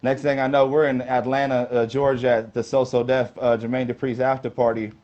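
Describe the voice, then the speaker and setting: A man's voice: medium pitch, little pitch movement, fairly quick, a little mellow. A man as an interview guest, telling long casual stories in a rambling way and filling gaps with "you know". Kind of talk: casual storytelling. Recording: slightly dull lo-fi sound.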